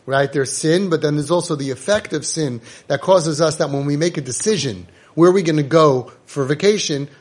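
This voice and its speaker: A man giving a lively Torah lecture in English full of Hebrew terms, acting out quotes in a raised voice. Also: fairly high pitch, a little fast, few pauses. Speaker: Torah teacher.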